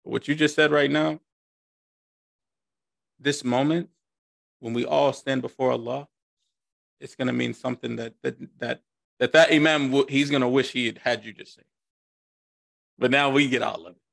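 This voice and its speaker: A man's voice: mid-range voice, fairly even intonation, moderate pace, gravelly, long pauses, a bit bright, dry recording. A man teaching a class over a video call, informal and joking, often repeating himself. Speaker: class instructor.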